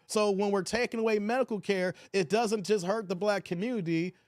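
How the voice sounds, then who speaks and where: Guy with a high voice doing a live stream, talks back to chat, dry mic. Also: fairly quick, no room sound. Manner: animated, talks back to chat, laughs often. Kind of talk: casual live stream commentary.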